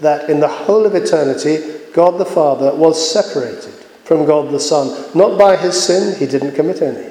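A man preaching a sermon, earnest and measured, pausing often with fillers. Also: a little high, mellow. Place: church. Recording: echoey church hall with long reverb.

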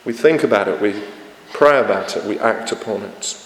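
A man's voice: fairly low pitch, moderate pace, reverberant, long reverb tail, rough recording. A man preaching a sermon as a vicar, earnest and conversational, with frequent fillers and restarts. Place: church.

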